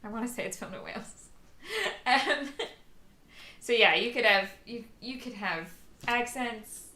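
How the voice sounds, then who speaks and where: A woman's voice: fairly high pitch, animated, a little slow, pushed and bright, a little hiss or hum. A woman hosting a live crafting stream, chatting casually, laughing often and talking herself through her work. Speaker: crafting livestream host. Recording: roomy echo.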